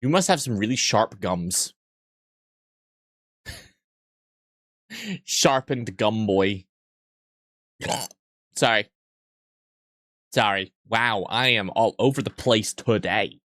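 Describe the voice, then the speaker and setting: A man's voice: on the low side, expressive, a little slow, pushed and bright, no echo, studio quality. A young man streaming live, joking crudely and rambling as he reads and answers his chat.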